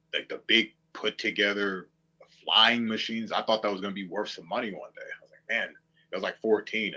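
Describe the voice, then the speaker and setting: Streamer, male, low husky voice, mocking and combative rant. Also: sharp tone. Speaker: online streamer. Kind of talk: ranting commentary to viewers.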